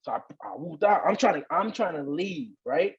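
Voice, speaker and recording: Lively, husky-voiced man telling a story. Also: on the high side, moderate pace, dull audio. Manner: animated, slangy, swears a lot. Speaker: podcast guest. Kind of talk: casual storytelling.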